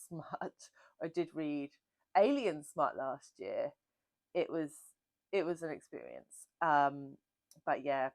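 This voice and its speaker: A woman's voice: low-pitched, no room sound. A woman hosting a book channel, chatting casually and self-mockingly through a Q&A. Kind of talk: casual Q&A chat.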